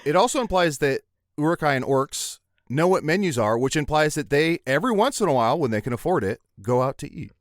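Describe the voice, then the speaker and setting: A man talks as a guest on a podcast, spinning playful bits in an animated way, and he sounds a little tipsy. His pitch swings widely as he goes. The sound is dry and close. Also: a little fast, no echo. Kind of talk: casual chat.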